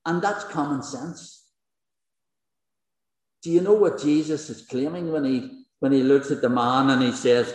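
A man's voice: mid-range voice, measured pace, long pauses. A male pastor preaching a sermon to a congregation, emphatic, with rhetorical questions and repeated phrases. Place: large church hall with congregation. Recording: echoey hall with long reverb.

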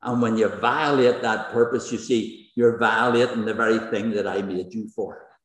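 Emphatic preacher in an echoey hall. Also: male voice, fairly low pitch, steady tone, normal speed, fairly bright tone. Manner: emphatic, rhetorical questions, repeats key phrases. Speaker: pastor. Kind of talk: sermon. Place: large church hall with congregation. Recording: echoey hall with long reverb.

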